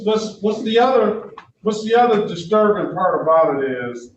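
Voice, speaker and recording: A man's voice: high voice, slight background noise. A man in his fifties, a judge at a court hearing, reading case numbers and lecturing a defendant, stern but fatherly, with stammering restarts. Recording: echoey courtroom audio from far off.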